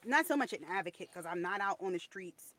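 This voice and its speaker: A woman's voice: lowish voice, expressive, quick pace, fairly bright tone. A woman co-hosting a podcast, chatting casually and sharing opinions in a storytelling way. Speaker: podcast co-host. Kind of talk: casual chat.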